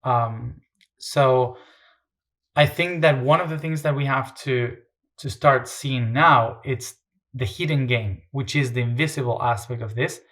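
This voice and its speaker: A man's voice: mid-range voice, a little slow, a bit bright. A man speaking as an interview guest, talking in a reflective, hesitant way with many fillers and restarts.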